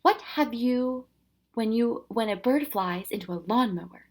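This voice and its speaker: Jolly old professor who loves his own jokes, coaxing and loud, with a gravelly edge as a woman voices him. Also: on the high side, animated, a little slow, voice pushed up. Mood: jovial. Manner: jovial, coaxing, loud exclamations. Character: cheerful elderly male professor, joke-loving captain.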